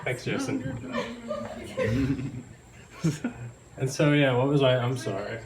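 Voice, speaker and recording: A man's voice: medium pitch, big pitch swings, slow pace. A young man performing a stand-up set in a live venue, rambling, giggling and apologizing often. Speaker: stand-up comedian. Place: live comedy venue, audience in room. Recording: roomy live recording from a distance, crowd noise.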